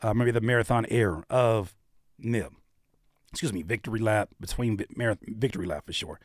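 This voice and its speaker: A man's voice: lowish voice, a little fast, dry recording, studio quality. A man hosting a livestream, reacting to submitted music in joking, rambling casual commentary. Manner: joking, animated, rambling with restarts and laughs.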